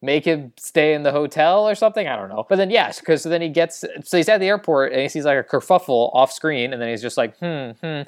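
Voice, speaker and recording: A man's voice: on the high side, lively intonation, quick pace, hardly any pauses, dry recording, clean studio sound. A man casually recapping a movie as a podcast co-host, rambling and acting out quoted lines.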